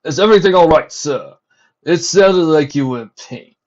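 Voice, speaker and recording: A man voicing an anxious, dutiful young male soldier pony, higher and louder than his narration, on a dull lo-fi recording. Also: animated, moderate pace, lightly acted. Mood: worried. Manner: deferential, respectful.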